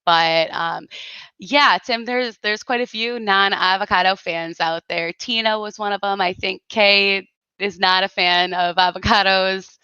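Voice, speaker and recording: A woman hosting a casual livestream chat, reading viewers' comments and answering them in a relaxed way. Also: medium pitch, measured pace, smooth, no room sound, dull audio. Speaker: livestream host.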